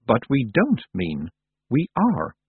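A man voicing a cold, inhuman male winter spirit, speaking slowly and evenly in a storybook reading. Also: mid-range voice, slightly rough, no room sound, heavily acted. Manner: slow, measured, flat delivery. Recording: dry, phone-like narrow sound.

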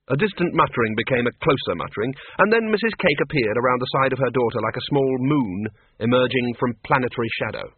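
A man's voice: medium pitch, expressive, quick pace, hardly any pauses, breathy edge, no echo. A man narrating a story with dry, wry timing. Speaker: audiobook narrator. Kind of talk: scripted narration. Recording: tinny radio broadcast.

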